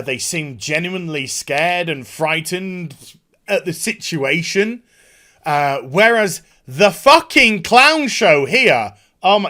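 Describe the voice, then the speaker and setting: Animated sweary man ranting. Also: high voice. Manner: sarcastic, sweary, mocking. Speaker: YouTube TV reviewer. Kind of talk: casual opinionated review rant.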